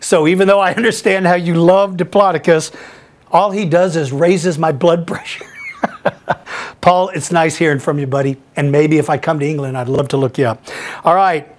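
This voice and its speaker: Middle-aged male podcast host; enthusiastic, chatty, quick to laugh. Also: on the high side, big pitch swings. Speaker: podcast host answering listener questions. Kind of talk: casual Q&A chat, reading emails aloud.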